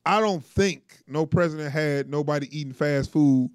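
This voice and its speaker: A man co-hosting a casual reaction chat, laughing often and acting out quotes in an animated way. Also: on the high side, moderate pace, clean tone, dry recording, studio quality. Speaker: co-host.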